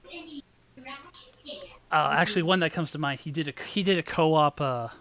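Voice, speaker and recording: Co-host rambling about channels they follow, lots of uhs and restarts, mid pitch. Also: a bit bright, no room sound. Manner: halting, many fillers and restarts. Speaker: podcast co-host. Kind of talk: casual chat.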